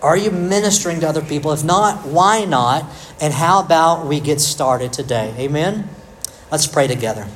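A man's voice: a little high, lively intonation, moderate pace, slight background noise, rough recording. A middle-aged man preaching a sermon in a chatty, self-deprecating way, talking directly to the congregation by name. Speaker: pastor.

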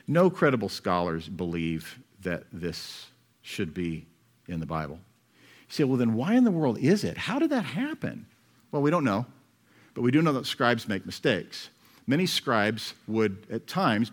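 A middle-aged man, a pastor, preaching an expository sermon in a conversational way, with rhetorical questions and asides to the congregation. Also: lowish voice.

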